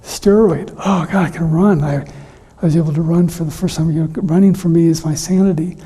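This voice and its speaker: Hoarse, husky middle-aged pastor. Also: male voice, on the high side, steady tone, warm tone. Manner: emotional, halting, often drops to a whisper. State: weakened, hoarse voice. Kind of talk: sermon. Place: church sanctuary. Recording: reverberant church hall.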